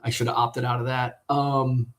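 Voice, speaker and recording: A man's voice: medium pitch, flat delivery, normal speed. A man vlogging casually about his sports card hobby, rambling and swearing as he vents about a bad customer service experience. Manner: rambling and profane, retelling with exasperation. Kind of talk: casual venting monologue.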